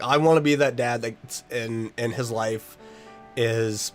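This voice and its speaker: A young man talks casually to his stream viewers at a mid pitch. He sounds earnest and rambles a little while he reads their messages aloud. Faint music plays softly under his voice. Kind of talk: casual livestream chat with viewers.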